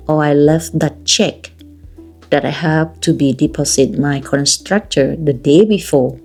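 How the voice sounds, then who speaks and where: Low, slow Thai-accented woman storyteller. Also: dark tone. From Thailand. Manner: halting, repetitive non-native English. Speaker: vlogger. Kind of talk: personal storytelling.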